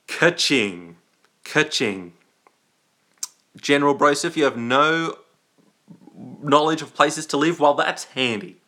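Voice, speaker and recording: A man's voice: a little high, a little slow, sharp tone. A young man hosting a live stream, rambling and joking in a casual chat full of restarts. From Australia.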